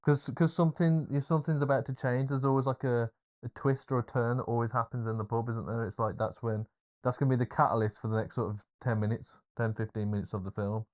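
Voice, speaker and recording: A man's voice: medium pitch, fast talker. A man co-hosting a podcast, retelling film scenes in a casual chat, with plenty of fillers and hesitations. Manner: animated storyteller, hesitant with fillers. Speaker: podcast co-host.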